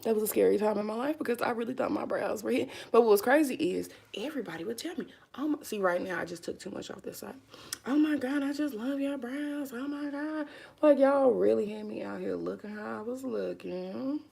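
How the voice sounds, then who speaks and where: A woman's voice: mid-range voice, fast, creaky, hardly any pauses, a little mellow, husky. A young woman, chatting casually to viewers while doing her makeup, calling them honey and y'all. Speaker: vlogger. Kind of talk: casual makeup vlog chat.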